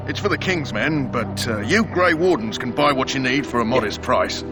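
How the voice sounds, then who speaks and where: An actor playing a fussy army quartermaster in a fantasy video game, flustered and then sly as he offers goods on the side, with loud game music behind him. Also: mid-range voice, moderate pace, natural voice. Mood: gruff. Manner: flustered, then conspiratorial and salesy. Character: fussy middle-aged male army quartermaster.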